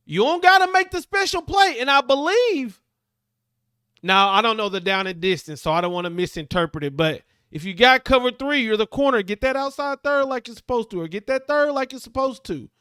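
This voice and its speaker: Man, sports host, emphatic, slangy, very high pitch, clear smooth voice. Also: animated, pushed and bright, dry recording, studio quality. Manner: emphatic, slangy, drawn-out repeats. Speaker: podcast host reacting. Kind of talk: casual sports commentary.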